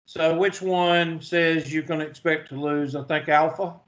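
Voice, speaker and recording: Guy teaching math real slow, folksy jokes, kinda high voice, muffled lo-fi audio. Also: fairly even intonation, fairly bright tone. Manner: folksy, joking asides, slow deliberate delivery. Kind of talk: classroom lecture. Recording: dull lo-fi classroom recording.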